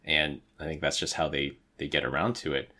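Man, extremely deep voice, podcast co-host, measured, analytical, casual. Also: steady tone, bright, forceful tone. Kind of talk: casual chat.

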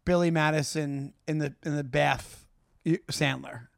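A man co-hosting a comedy podcast in casual chat, enthusiastic, laughing often and slipping into quick impressions. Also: on the high side, steady tone, gravelly, no echo, clean studio sound. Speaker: podcast co-host.

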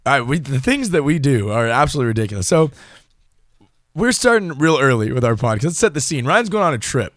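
With a medium-pitched voice and a brisk delivery, this young co-host of a casual faith podcast tells lively stories full of restarts. The recording is dry and studio-clean.

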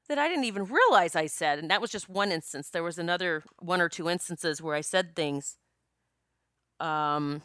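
A woman's voice: lowish voice, dry recording. Chatty woman telling a story, dry sound. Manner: emotional, animated, swearing, frequent fillers. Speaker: psychic medium. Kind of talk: casual storytelling monologue.

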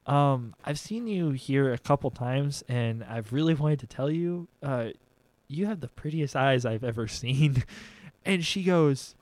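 A man's voice: fairly high pitch, dry recording. A young man, a podcast co-host telling a story in casual chat and acting out both sides of the conversation.

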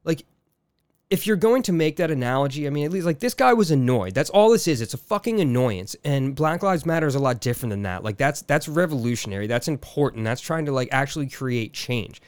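A man's voice: medium pitch, expressive, fairly quick, clean tone, dry recording, studio quality. A man co-hosting a casual podcast, exasperated and rambling, restarting sentences and swearing often. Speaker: podcast co-host.

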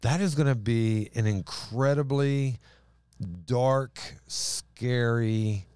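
A man hosting a casual Bible discussion, animated and emphatic, acting out scripture lines. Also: medium pitch, slow, clean tone, dry recording, studio quality. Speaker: podcast host.

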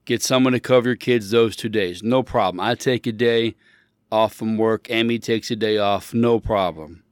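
A man's voice: lowish voice, normal speed, clear, resonant tone, no echo, clean studio sound. A man hosting a show, telling a rambling story in a casual chat and often correcting himself mid-sentence. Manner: animated, emphatic when riled up.

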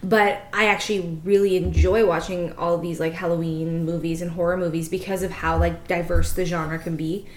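A woman's voice: fairly low pitch, little pitch movement, normal speed, few pauses. Chatty woman in her late twenties, roomy sound. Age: late 20s. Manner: chatty, lots of fillers and likes, laughs easily. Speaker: podcast host. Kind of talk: casual chat.

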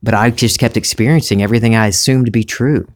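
A man with a mild Southern US accent, talking through a reflective spiritual monologue in a musing, unhurried way, restarting phrases and laughing easily. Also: medium pitch. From Southern United States. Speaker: spiritual vlogger, former reporter.

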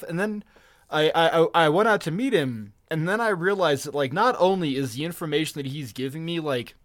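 A man's voice: fairly high pitch, a little fast, a bit bright, dry recording, studio quality. A man co-hosting a podcast, telling a long story in a rambling, profane way full of restarts. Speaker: podcast co-host. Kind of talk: casual chat.

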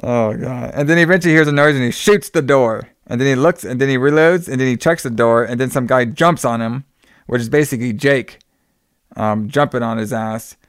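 A man chats through a film plot in a loose, rambling way, full of fillers and casual swearing. His voice is smooth and clear, recorded close and dry with no room sound. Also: medium pitch, brisk, no room sound. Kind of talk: casual movie recap chat.

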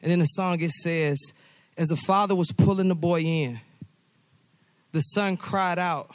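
A man's voice: on the high side, unhurried, long pauses, no room sound. A man preaching a sermon with passion, repeating phrases and rising into a singsong cadence. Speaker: pastor.

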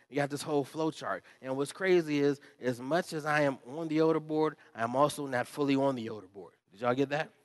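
A pastor preaching a lively sermon, jumping from loud pumped-up exhortation to quiet asides and acted-out voices. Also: male voice, medium pitch, no echo. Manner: animated, swings from loud pumped-up shouting to quiet asides, acts out quoted voices.

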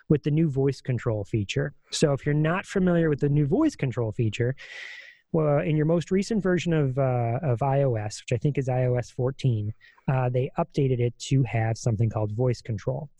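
A man's voice: mid-range voice, moderate pace, mellow, dry recording. A man co-hosting a podcast, explaining at length in a casual, rambling way with many fillers and restarts. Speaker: podcast co-host.

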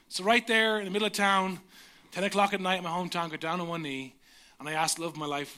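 High-voiced Irish pastor telling jokes. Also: male voice, brisk, sharp tone. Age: 30s. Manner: self-mocking, humorous storyteller. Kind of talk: sermon with personal stories.

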